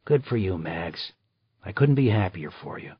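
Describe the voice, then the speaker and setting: A man voicing a weary grown detective in an audiobook, low-key and dry in manner. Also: animated, normal speed, husky, no echo. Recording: dull lo-fi dry recording.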